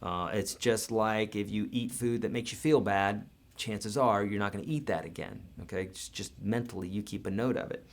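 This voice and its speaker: A man's voice: lowish voice, moderate pace. A man teaching guitar in a live online lesson, talking casually and encouragingly with everyday comparisons.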